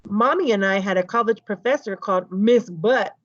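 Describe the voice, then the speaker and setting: A woman teacher reading a children's novel aloud to her class, lively and voicing each character's dialogue. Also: mid-range voice, normal speed, dry recording, muffled recording. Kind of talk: children's book read-aloud.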